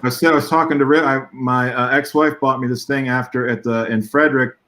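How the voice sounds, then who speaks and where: A man, a guest artist, chatting casually over a video call and telling stories in a rambling, animated way with small chuckles. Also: medium pitch, brisk, poor audio. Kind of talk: casual conversation.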